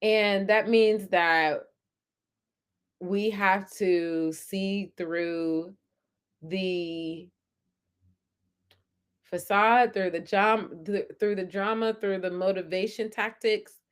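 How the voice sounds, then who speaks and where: A woman's voice: medium pitch, very slow, pauses often, clean tone. A young adult woman, hosting a casual live-stream chat and cheering on commenters as she reads them. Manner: animated, affirming, hypes up commenters. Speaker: podcast host reading live chat.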